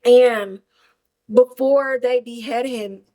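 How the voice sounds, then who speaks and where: Slangy, animated woman recapping a film. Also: a little high, slow pace, rough recording. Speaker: podcast host reviewing a film. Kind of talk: casual chat.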